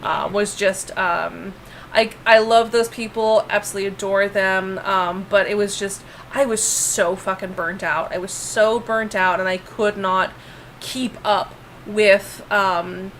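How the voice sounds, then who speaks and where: A woman tells a story in a casual, animated chat, peppering it with swearing and quick restarts. Her voice sits at an ordinary middle pitch. There is a faint hiss of noise behind her.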